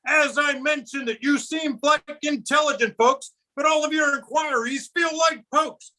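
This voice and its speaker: A man voicing a grumpy old grandpa who is sick of being mistaken for Santa, ranting and singing in a high, bright put-on voice. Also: normal speed, poor audio. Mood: cranky. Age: older. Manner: cranky, ranting, sings and shouts. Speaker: puppeteer. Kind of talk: comic puppet song.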